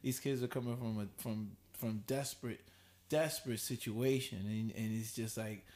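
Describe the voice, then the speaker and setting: Male podcast host, casual round-table chat, animated, laughs a lot. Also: mid-range voice, moderate pace. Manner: animated, laughs easily, mock voices when quoting.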